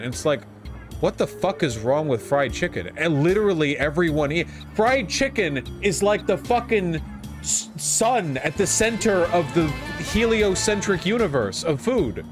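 A man's voice: fairly high pitch, animated, normal speed, music in the background. A man streaming a video game, ranting crudely and swearing often in casual commentary.

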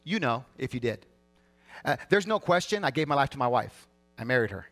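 A man preaching a sermon as pastor of a church service, emphatic and swinging between loud and hushed. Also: medium pitch, sing-song, a little fast, soft background music.

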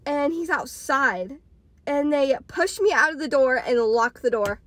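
In a dry recording, a twenty-something woman who podcasts and makes storytime vlogs shares a casual, rambling tale full of "like." Her high-sitting voice is animated, and she keeps a measured pace.

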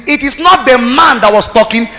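A man preaching a sermon as pastor, emphatic, with shouted bursts and commands to the congregation. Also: very high-pitched, normal speed. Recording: reverberant hall with music behind.

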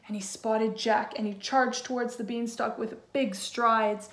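Expressive woman teacher reading a story. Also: fairly high pitch, a little slow, few pauses. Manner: expressive, with asides to listeners. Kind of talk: reading a storybook aloud to children.

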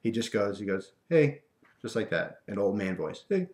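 A young man casually telling a personal story to his viewers, animated and full of fillers and restarts. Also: lowish voice, a little fast.

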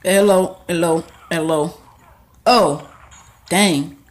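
Excitable young man narrating gameplay. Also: on the high side, takes it slowly. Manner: excitable, talks back to game characters. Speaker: gaming channel host. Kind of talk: casual gameplay commentary.

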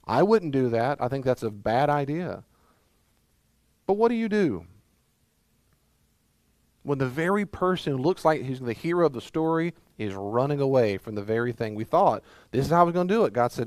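Emphatic Southern preacher, dry close sound. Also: male voice, fairly high pitch, expressive, fairly quick, darkish tone, dry recording. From Mississippi. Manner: emphatic preacher with rhetorical questions and shifting pace. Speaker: pastor. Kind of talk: sermon.

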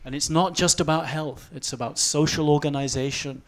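A man in his forties gives a short, fast-paced talk on an event stage. His voice sits a little high. He swings from low, quiet asides to loud, animated bursts. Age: 40s. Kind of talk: fast-paced humorous presentation. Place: event stage before a live audience.

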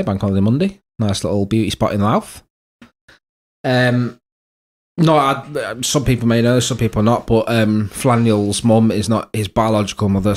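A man, co-hosting a podcast and telling stories in a casual, swearing, laughing manner. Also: lowish voice. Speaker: podcast co-host. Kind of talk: casual banter.

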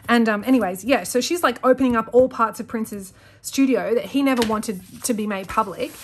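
A planner vlogger with a fairly high voice talks a little fast as she crafts at her desk at home, rambling and sidetracking often, getting heated when she rants. The background is noisy, and she's recorded on a desk-mounted camera.

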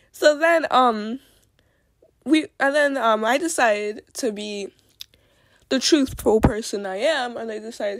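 A woman's voice: on the high side, slow pace, no echo. A young woman in her teens ranting angrily to camera, swearing a lot and saying "like" often. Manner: ranting, heavy swearing, lots of "like". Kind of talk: angry rant vlog.

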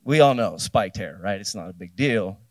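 He's a man in his fifties from New Jersey, recounting a personal story from a festival stage as a keynote speaker and acting out the dialogue. His voice sits on the low side with lively intonation at normal speed, with no room sound.

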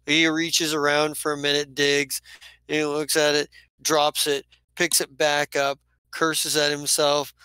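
A man narrating a tabletop game as game master, rambling through his scenes. His voice is a touch high, bright and crisp. The sound is dry and close. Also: no room sound, rough recording. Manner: rambling, many restarts, laughs often. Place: home studio stream.

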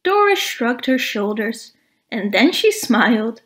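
Slow, high-voiced woman reading aloud. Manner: slow, expressive storytelling for preschoolers. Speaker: storybook reader. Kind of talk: children's read-aloud narration.

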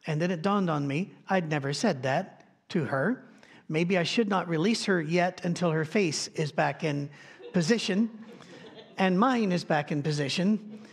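A man's voice: a little high, unhurried, slightly rough. A man preaching a conversational sermon as pastor, telling folksy stories with asides and light humor. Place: church.

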